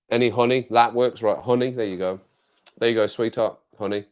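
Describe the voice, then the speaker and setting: A man's voice: mid-range voice, fairly even intonation, a little fast, a little mellow. An English man hosting a casual live chat with viewers from his home desk, jokey and rambling, laughing often, on a clip-on mic. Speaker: livestream host.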